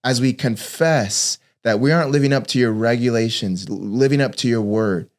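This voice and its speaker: A man's voice: mid-range voice, normal speed, hardly any pauses. Earnest man telling a devotional story. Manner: earnest storytelling, acts out quoted voices. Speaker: father giving a devotional talk. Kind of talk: personal devotional teaching.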